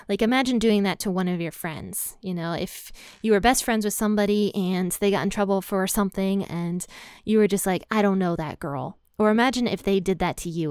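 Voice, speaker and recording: A woman's voice: medium pitch, a little mellow, smooth, no room sound, clean studio sound. A woman teaching a casual Bible lesson, explaining in a conversational way with lots of "like" and everyday examples.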